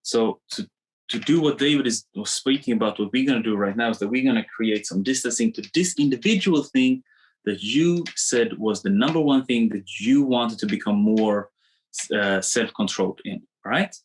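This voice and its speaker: A man coaching a live online webinar, animated and repetitive as he draws on screen, talking into a computer mic. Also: medium pitch, normal speed, poor audio. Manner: animated, repeats himself, drawing on screen.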